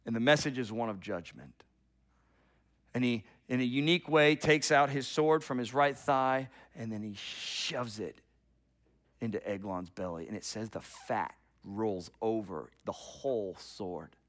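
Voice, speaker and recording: An unhurried, mid-range voice belongs to a middle-aged man preaching as pastor. He tells the sermon story with animation, going loud and then hushed, and often repeats words as he starts a thought.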